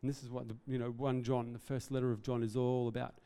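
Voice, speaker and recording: A man delivers an earnest, conversational sermon, breaking into self-deprecating asides between his points. His voice is warm and mellow. He is heard in a hall with long reverb. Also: mid-range voice, little pitch movement, quick pace, clean tone. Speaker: pastor.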